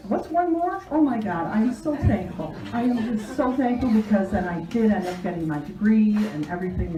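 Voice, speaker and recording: A woman in her fifties giving an emotional birthday toast for her uncle, laughing through her stories. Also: mid-range voice. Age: 50s. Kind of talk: family party speech. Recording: echoey room from far off. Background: loud crowd chatter and noise.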